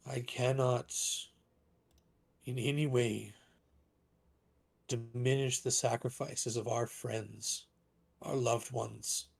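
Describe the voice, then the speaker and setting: Man doing a grave dragonborn councillor, slow, gravelly. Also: mid-range voice, fairly even intonation, a little mellow, full character voice. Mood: solemn. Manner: slow, grave public address. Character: male dragonborn councillor addressing a city, solemn.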